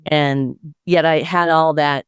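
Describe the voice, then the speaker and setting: A woman's voice: deep voice, fairly even intonation, takes it slowly, clear, resonant tone, no room sound, studio quality. A woman guest telling her story in a reflective, earnest spiritual conversation, often trailing off and restarting.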